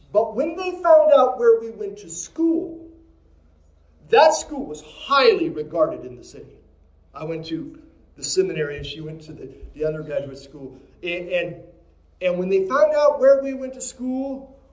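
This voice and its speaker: A middle-aged man from Minnesota preaching a sermon as pastor, moving from quiet, intimate passages to raised, emphatic ones. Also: high voice, echoey room, poor audio. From Minnesota, USA.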